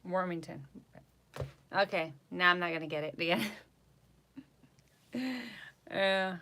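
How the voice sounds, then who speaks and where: A woman's voice: on the low side, lively intonation, a little slow, pushed and bright. A woman with a New York accent chatting casually with viewers on her live stream as a psychic host, repeating herself and reading names aloud.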